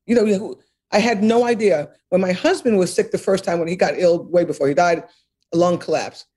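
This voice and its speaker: An older woman, an author being interviewed, speaks in a warm, lowish voice at a slightly fast pace. Reflecting on her past, she talks earnestly and emphatically, often repeating phrases and laughing between thoughts.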